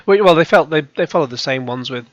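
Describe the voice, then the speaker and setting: A man's voice: fairly high pitch, lively intonation, fairly quick, dry recording. Rambling middle-aged man with a cold. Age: 40s. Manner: digressive, full of ums and restarts, swears casually. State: has a cold. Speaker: channel host. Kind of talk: rambling casual monologue. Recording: dull lo-fi dry sound.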